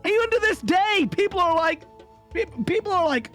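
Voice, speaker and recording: Raspy, high, lively streamer guest, joking and quick to leap into voices, faint music underneath. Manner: excitable and joking, slips into character voices. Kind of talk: casual chat on a live stream.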